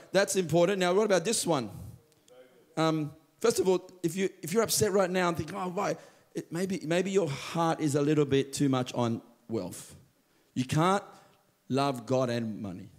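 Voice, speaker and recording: A man preaching a sermon as pastor, telling stories with lively quoted voices. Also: a little high. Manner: animated storytelling, acts out quoted voices. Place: church.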